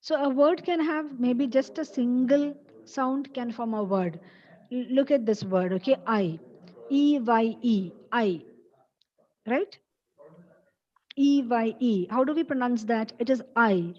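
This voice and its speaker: A woman's voice: fairly high pitch, measured pace, darkish tone, muffled recording. A woman teaching a college English class, explaining step by step in a patient lecture style and repeating key points.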